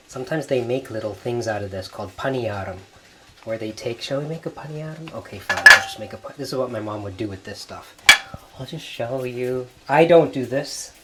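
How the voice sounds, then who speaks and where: A man hosting a cooking video in a home kitchen, gently narrating each step as he works. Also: medium pitch, expressive, normal speed, heavy background noise. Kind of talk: cooking demonstration.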